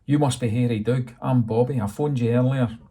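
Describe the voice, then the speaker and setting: A man reads an awkward teenage lad, tentative and polite. The voice stays low and gravelly, with a husky, dark tone. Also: brisk. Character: nervous teenage boy, polite but awkward.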